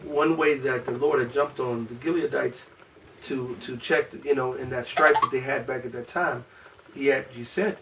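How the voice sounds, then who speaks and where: A man's voice: mid-range voice, moderate pace, vocal fry, fairly bright tone. Man teaching, far from the mic. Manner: loose, rambling, with many restarts and slang. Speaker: class teacher. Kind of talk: informal classroom lesson. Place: classroom. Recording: distant from the mic, faint room noise.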